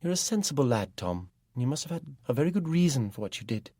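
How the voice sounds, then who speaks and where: A gentle young mother speaks softly and with worry, her voice lifted high and light, as a man reading the story puts her on. Her tone is kindly and concerned, recorded dry and close. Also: big pitch swings, quick pace, husky, no echo. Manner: soft, pleading, concerned.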